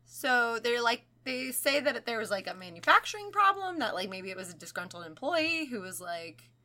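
A young adult woman co-hosting a podcast, telling a creepy story in casual chat, animated and swearing freely. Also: a little high, normal speed. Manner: animated, swearing, acts out quoted voices. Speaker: podcast co-host.

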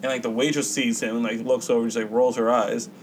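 A man's voice: mid-range voice, little pitch movement, fast, slight background noise, low-quality recording. A man co-hosting a podcast, telling a rambling, profane story in casual chat and acting out the voices of the people in it. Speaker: podcast co-host.

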